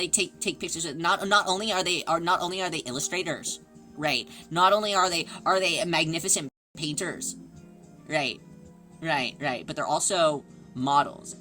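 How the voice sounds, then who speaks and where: With a lowish voice, a woman livestreamer chats casually with her viewers. She's excitable and gushing as she greets people in the chat.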